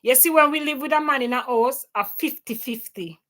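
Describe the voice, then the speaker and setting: A Jamaican woman at home in Canada hosts a casual opinion chat on a livestream, her voice high-pitched, a little fast and fairly bright. She blends patois into her English and speaks with plenty of emphasis.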